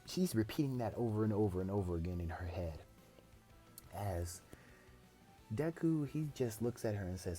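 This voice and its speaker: A man's voice: on the low side, animated, moderate pace, long pauses, dark tone, soft background music. A man casually narrating an improvised fan story, rambling and often correcting himself as he goes.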